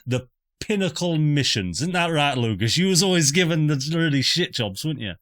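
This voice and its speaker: A man's voice: on the high side, big pitch swings, brisk, fairly bright tone, no room sound, studio quality, pitched above the performer's own voice. A man voicing a smug, boastful brother in a tabletop game, with a put-on accent that drifts between Scottish and Irish. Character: smug boastful male brother, scientist-farmer.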